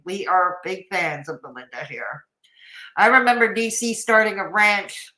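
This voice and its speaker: A woman's voice: medium pitch, sharp tone. A woman streaming live, reacting to a video with sarcastic commentary, laughing often and chatting with her viewers. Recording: roomy echoey room.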